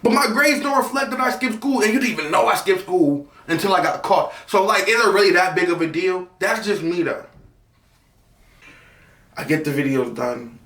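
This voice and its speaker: A young man telling a casual story from his own life on a vlog, animated, his voice leaping high in mock exasperation. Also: normal speed, roomy sound, far from the mic. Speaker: storytime vlogger.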